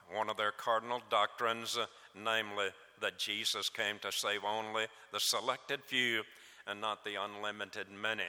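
A man preaching a sermon to a congregation in a measured, emphatic way. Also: on the low side, sharp tone. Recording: long reverb in a hall.

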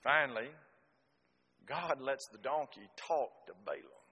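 A preacher with a bright, forceful voice delivers a sermon in folksy storytelling fashion. He swings from loud exclamations to hushed asides. His voice carries a long hall reverb. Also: medium pitch, animated, unhurried, breathy edge.

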